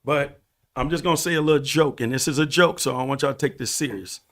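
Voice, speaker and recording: A man's voice: medium pitch, fast talker, fairly bright tone. A man as a podcast guest, telling his story in an earnest, preachy way and repeating phrases for emphasis. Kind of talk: casual storytelling interview.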